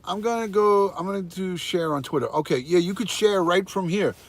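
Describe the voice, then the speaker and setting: A man's voice: sits high, brisk. An older American man hosting a casual live stream from his phone, cheerfully greeting viewers by name and calling out the viewer count. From United States. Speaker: livestream host, retired detective.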